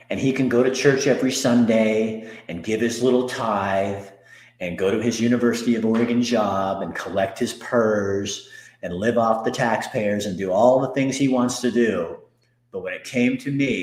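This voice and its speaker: A middle-aged man speaks in a very low voice, hosting a personal monologue. He is earnest and moves between heated anger and soft, hushed moments. The room around him has a noticeable echo. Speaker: host.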